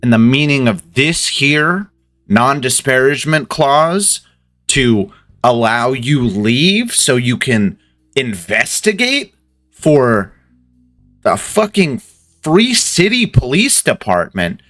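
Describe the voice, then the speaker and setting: A man's voice: sits high, sing-song, a little slow, bright, forceful tone, dry recording, clean studio sound, voice pushed up, heavily acted. A man voicing an imperious, condescending woman office boss in a tabletop game. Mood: scolding. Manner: scolding, condescending.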